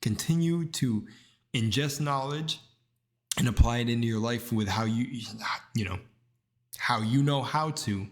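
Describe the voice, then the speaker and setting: A man's voice: mid-range voice, measured pace, long pauses. Young man in a rambling, swearing rant. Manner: rambling, slangy, says bro a lot; heated, swears freely. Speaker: video commentator. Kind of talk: casual reaction commentary.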